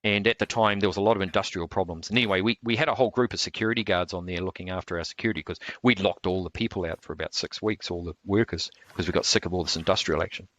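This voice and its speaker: A man's voice: deep voice, racing, hardly any pauses, a bit bright, no echo. A man being interviewed as a martial artist, telling long rambling stories with many restarts. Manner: rambling, full of restarts and fillers. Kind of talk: casual storytelling interview.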